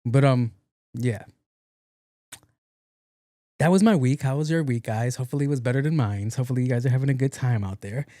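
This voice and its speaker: A young man hosts his own podcast and spins a funny story in a loose, swearing, lively manner. His voice sits in a medium pitch range. It sounds close to the mic and dry, with almost no room sound. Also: brisk, long pauses, no room sound. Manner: animated, profane, laughs at his own story. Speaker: podcast host. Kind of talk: casual comedic storytelling monologue.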